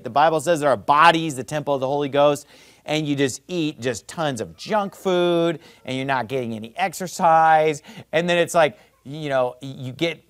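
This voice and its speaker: A male pastor delivering a blunt, fiery sermon. His voice sits a little high for a man, and he swings from loud, hammering emphasis down to low, muttered asides. The sound is close and dry. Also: no room sound.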